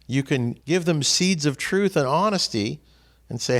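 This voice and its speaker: A man's voice: mid-range voice, normal speed. A middle-aged man hosting a casual spiritual group discussion, telling stories with asides. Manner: animated storytelling with asides.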